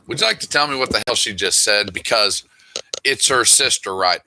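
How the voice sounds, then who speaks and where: A man's voice: lowish voice, expressive, moderate pace, pushed and bright, no echo. A middle-aged man in a casual monologue, reading emails aloud with wry, exasperated asides. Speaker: author.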